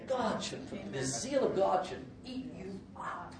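Joking preacher in an echoey hall. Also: male voice, high voice, measured pace, creaky, a crowd in the background. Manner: jokey, laughs often, sudden loud outbursts. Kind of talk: sermon. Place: church hall. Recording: echoey hall, distant mic, faint noise.

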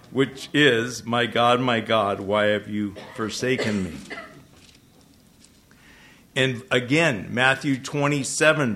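A man preaching to a congregation, talking to them conversationally and asking them questions, with sudden loud emphasis and frequent self-corrections. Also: medium pitch, background noise. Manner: restarts and self-corrections when tongue-tied. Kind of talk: sermon. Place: church hall with a congregation.

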